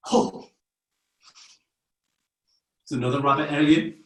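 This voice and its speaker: Playful English man leading a warm-up. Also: mid-range voice, moderate pace. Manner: playful, encouraging, instructing step by step. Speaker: children's theater performer leading a warm-up. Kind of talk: guiding an interactive family webinar. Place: home room on a video call. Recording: echoey room, distant from the mic.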